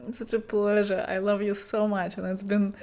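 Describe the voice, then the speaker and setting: A woman hosting a podcast as a spiritual mentor, speaking in a soft, affirming way with slow, spiritual wording. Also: medium pitch, flat delivery. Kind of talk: warm reflective podcast talk.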